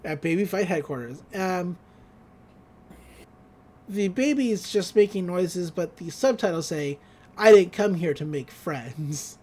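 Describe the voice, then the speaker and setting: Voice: mid-range voice, expressive, a little slow, a little mellow, slightly rough. A podcast co-host casually recapping a cartoon episode, acting out the characters' lines and laughing along the way.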